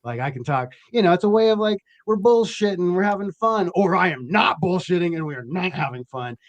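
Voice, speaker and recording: A man telling stories in casual chat, animated and acting out the lines of the people he quotes. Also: high-pitched, a little fast, dull audio. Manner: animated storyteller, acts out quotes.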